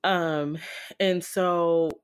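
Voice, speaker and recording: A woman casually telling a personal story in a frank, profane and animated way, jumping in pitch as she retells moments. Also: extremely slow, clear, resonant tone.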